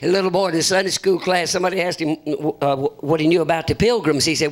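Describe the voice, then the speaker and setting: A folksy man preaches from the pulpit with a slightly higher voice. He spins humorous stories and jumps into the voices of the people in them. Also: fast talker, hardly any pauses. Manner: folksy joking, acts out voices in his stories. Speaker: visiting preacher.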